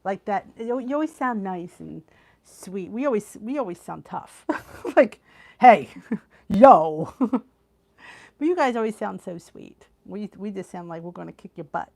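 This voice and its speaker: A woman's voice: medium pitch, lively intonation, normal speed, vocal fry, darkish tone. A middle-aged woman with a Philadelphia accent, hosting a live stream and chatting with viewers, laughing often. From Philadelphia area, US. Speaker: weight loss channel host.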